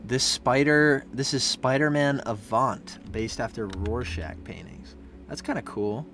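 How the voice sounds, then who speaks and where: A young man streaming as he reviews fan art, chatting casually and breaking into loud, profane rants. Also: medium pitch, a little slow, a little hiss or hum. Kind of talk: live-stream commentary.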